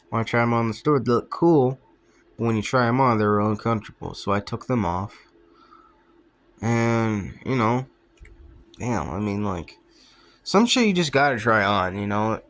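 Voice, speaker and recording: A young man talking to his viewers in a loose, rambling monologue, his voice sitting a little low. He drifts from thought to thought, trails off mid-sentence and leans on fillers and swearing. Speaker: vlogger.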